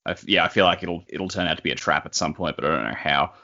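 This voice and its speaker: Podcast co-host, man, very low bright voice, loose and jokey. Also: fast talker, creaky, highs cut off. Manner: joking, animated theorizing. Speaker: book club podcast co-host. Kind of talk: casual discussion.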